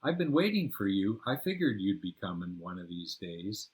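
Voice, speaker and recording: A man's voice: low voice, sing-song, moderate pace. A man doing a cheerful hippie friend. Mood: friendly.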